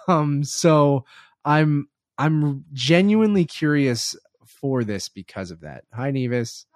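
A man's voice: a little high, expressive, takes it slowly, no echo, clean studio sound. A man co-hosting a podcast, laid-back and hesitant, often laughing as he chats. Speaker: podcast co-host. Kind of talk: casual chat.

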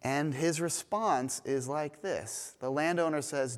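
A man preaching a sermon in a church, retelling a parable in a lively storytelling manner. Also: a little high, takes it slowly, hardly any pauses. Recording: long reverb of a church hall.

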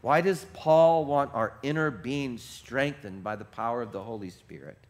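A man pastor preaching a sermon, moving from hushed, reflective passages to shouted, rapid-fire exclamations, and putting questions to the congregation. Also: medium pitch.

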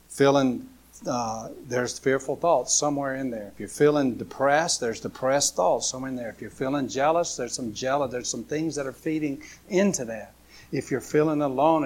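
Conversational male pastor preaching. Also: mid-range voice. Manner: casual, repetitive, with frequent fillers and rhetorical questions. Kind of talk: conversational sermon.

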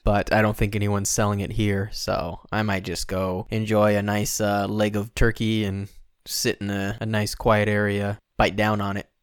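A man's voice: on the low side, monotone, moderate pace, smooth, no echo. A man playing a tabletop game, talking in a dry, laid-back way. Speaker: player. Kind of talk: casual in-character game talk.

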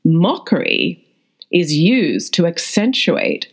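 A woman actor reading a scripted audio essay in a measured, deliberate way. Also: low-pitched, expressive, slightly rough. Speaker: actor and media studies student.

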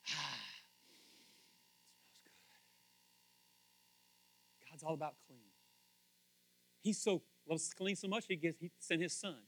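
A man preaching a sermon, animated and asking the congregation direct questions, moving from hushed asides to shouts. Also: fairly high pitch, normal speed, pauses often. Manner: talks straight to the congregation with questions. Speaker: pastor.

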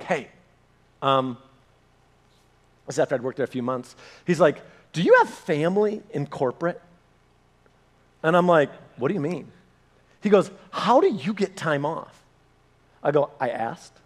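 A man preaching a sermon, telling a personal story and acting out the dialogue. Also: on the high side. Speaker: pastor.

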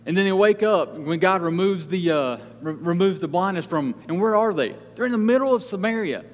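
A man's voice: sits high, lively intonation, fairly quick, big-room sound. A man preaching a sermon in a conversational way, acting out the characters from the Bible story as he goes. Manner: conversational, acts out biblical characters.

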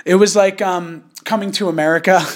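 A man's voice: high-pitched, fairly even intonation, normal speed. A man hosting a casual podcast, rambling with loose, slangy talk and frequent laughter. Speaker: podcast host.

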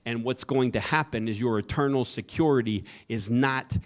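A man's voice: medium pitch, moderate pace. A man preaching a sermon in a conversational way, with joking asides to the congregation. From American South. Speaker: pastor.

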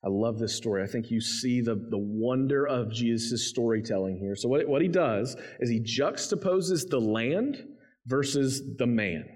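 A man delivers a sermon in a relaxed, conversational tone. His voice sits in a middle pitch, and he leans into key points with emphasis. He moves between reading scripture and explaining it plainly. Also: moderate pace. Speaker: pastor.

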